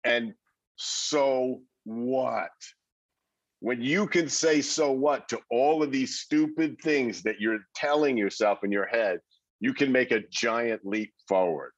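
Husky man giving lively advice. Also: mid-range voice, a little slow, dry recording, muffled recording. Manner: animated, acts out quoted reactions, repeats words. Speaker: interview guest. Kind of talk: conversational advice.

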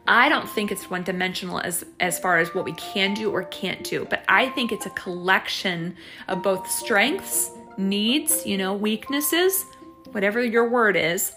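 Woman podcast host, bright voice, chatty and reflective, faith-based pep talk, faint music underneath. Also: medium pitch, measured pace. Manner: chatty and reflective, with many fillers and restarts. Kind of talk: casual solo podcast monologue.

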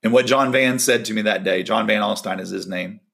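A volleyball coach with a low, gravelly, slightly bright voice gives a casual devotional talk, speaking a little fast. He tells a personal story and acts out the quoted dialogue of the people in it.

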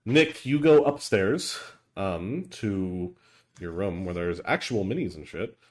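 Young male game master, low and animated, casual hesitant narration. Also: takes it slowly. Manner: casual, hesitant with many fillers.

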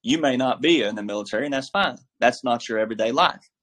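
A man's voice: mid-range voice, quick pace, fairly bright tone. A man giving casual political commentary as a guest, emphatic and preachy, with a folksy, filler-heavy way of talking. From military background.

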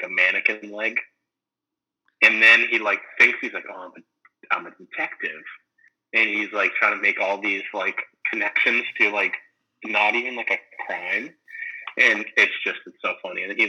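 A man chatting casually, rambling and animated as he retells funny scenes, full of "like" and "um". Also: fairly low pitch, slightly rough, rough recording. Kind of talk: casual chat about a sitcom.

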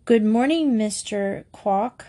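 A woman reading aloud, voicing an eager, polite young girl from a storybook in a higher voice. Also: takes it slowly, natural voice. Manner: bright and eager, raised pitch.

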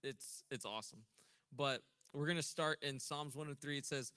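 A young Texan man gives a relaxed youth sermon, joking and chatty between scripture readings. His voice is bright and forceful, pitched a little high for a man, and the recording is close and dry. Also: normal speed, dry recording. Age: young adult. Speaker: minister. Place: church sanctuary.

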